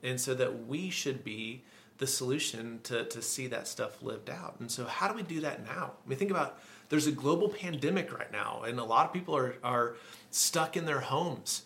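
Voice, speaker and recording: A man pastor preaching a sermon in a conversational way, often repeating a word as he restarts a phrase and slowing down to stress key points. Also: medium pitch, gravelly, sharp tone, slight background noise.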